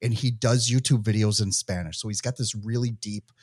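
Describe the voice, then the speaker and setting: A man's voice: on the low side, steady tone, fairly quick, a little mellow, husky, dry recording, studio quality. A man with a Midwestern accent hosting an interview podcast, chatty and full of "you know" fillers. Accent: Midwestern American. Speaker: podcast host.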